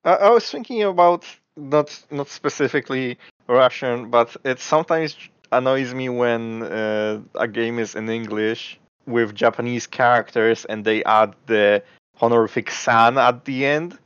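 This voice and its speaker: Slow-talking guy, smooth voice, dry dull mic, kinda hesitant. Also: mid-range voice, a bit bright, dry recording. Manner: slow, hesitant, halting restarts. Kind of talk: casual podcast chat.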